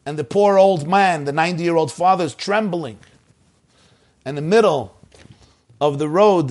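Man, high voice, sermon storytelling, animated. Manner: animated, acts out shouting voices.

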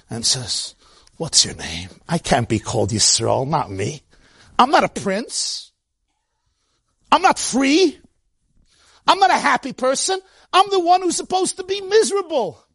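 A man preaching with a high, lively voice that swings up and down from one phrase to the next. He repeats phrases to drive his points home and drops Yiddish words into his sermon. The sound is dry and close, with no room echo. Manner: impassioned, emphatic, repeats phrases for effect. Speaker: religious teacher. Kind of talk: weekly sermon to a congregation.

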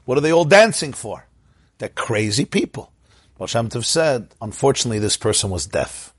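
A man's voice: mid-range voice, very animated, moderate pace, husky, no room sound. A man teaching an informal Torah class, telling stories, asking his listeners questions and chanting Hebrew verses.

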